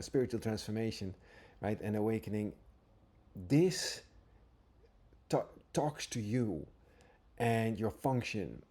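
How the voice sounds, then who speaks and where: A man giving an earnest, informal spiritual talk, reading passages aloud and pausing to reflect, often checking in with "right?". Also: lowish voice, mellow. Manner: earnest, repeatedly asks "right?". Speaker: spiritual teacher.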